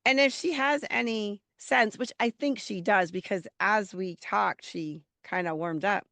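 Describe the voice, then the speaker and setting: A woman hosts a podcast with a lingering head cold in her voice. She tells stories in a chatty, lively way, and the recording is close and dry. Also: mid-range voice, a little slow, gravelly, no room sound. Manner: chatty, animated storyteller. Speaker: podcast host. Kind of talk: podcast conversation.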